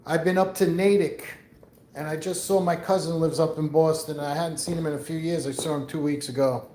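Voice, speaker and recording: A man's voice: fairly high pitch, steady tone, fairly quick, dark tone, roomy sound, a little hiss or hum. A middle-aged man from New York with a mixed New York accent, chatting casually and rambling as he answers viewers on his livestream outdoors. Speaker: livestream host. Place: outdoors on a windy day.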